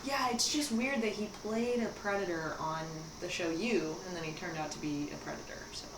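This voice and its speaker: Young woman, lowish voice, relaxed guest, echoey room, background noise. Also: fairly quick, distant mic. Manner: relaxed, listing names with fillers. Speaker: guest comedian. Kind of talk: casual chat.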